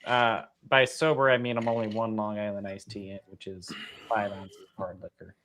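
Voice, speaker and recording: A man's voice: lowish voice, flat delivery, normal speed, a bit bright. A man debating on a stream, making dry, mocking jabs. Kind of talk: casual debate banter.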